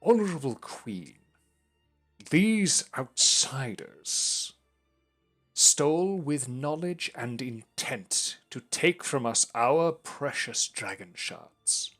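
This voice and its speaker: A man voicing a big, scarred male lizardfolk leader who makes slow, deliberate accusations. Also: medium pitch, big pitch swings, a bit bright, faint music behind, pitched above the performer's own voice, exaggerated voice. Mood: accusing.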